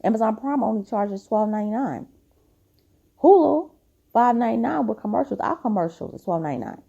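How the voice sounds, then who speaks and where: Tired woman podcaster, husky and dark-toned, blunt and chatty. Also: on the high side, expressive, brisk, muffled recording. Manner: chatty, blunt, frequent "like" fillers. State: tired, yawning. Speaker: podcast host. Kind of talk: casual opinion commentary.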